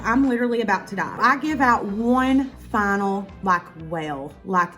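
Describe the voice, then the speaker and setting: Animated, cursing storyteller woman. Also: medium pitch, moderate pace, few pauses, soft background music. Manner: animated, profane, addresses viewers as y'all. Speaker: YouTuber. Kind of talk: casual storytime vlog.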